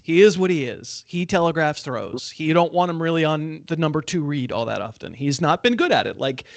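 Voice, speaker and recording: Animated man hosting a sports betting chat. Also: on the high side, no echo. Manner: animated, chuckling, self-deprecating. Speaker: sports betting podcast host.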